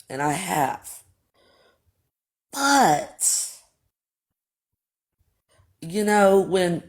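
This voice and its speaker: Talking straight to his viewers and calling the chat "y'all," a male livestream host tells a story in a casual, blunt and profane way. His voice sits on the high side and is a little mellow.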